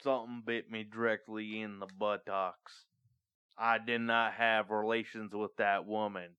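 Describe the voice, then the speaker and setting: A man's voice: fairly low pitch, little pitch movement, a little slow, sharp tone, clean tone, no room sound, dull audio. Forrest Gump, as a man impersonates him. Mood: goofy. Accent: Alabama. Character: Forrest Gump impression, slow-talking Southern man. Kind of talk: comedy podcast banter.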